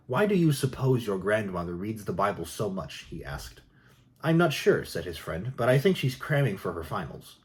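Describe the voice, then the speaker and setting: A man reading jokes aloud in a soft, unhurried ASMR style. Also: lowish voice. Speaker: joke reader.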